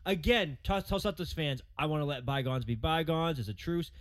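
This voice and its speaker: A man co-hosting sports talk radio, ranting in an animated way and mocking players with put-on voices. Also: on the high side, normal speed.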